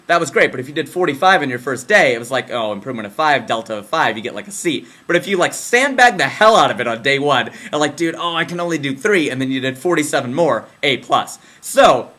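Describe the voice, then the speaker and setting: A young man doing a casual, slangy comic commentary monologue, jumping between excited bursts and low deadpan asides. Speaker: comedian. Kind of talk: comedic political commentary monologue.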